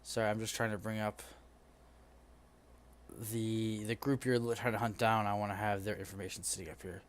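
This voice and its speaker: A man's voice: on the low side, flat delivery, normal speed. Rambling male game master. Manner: rambling, self-correcting. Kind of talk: narrating a tabletop game.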